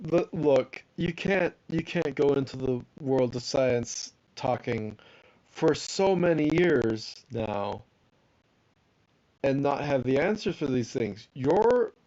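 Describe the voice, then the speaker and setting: A man in a casual chat, slowly explaining an idea and rambling with fillers. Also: medium pitch, expressive, a little mellow. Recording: dull lo-fi sound.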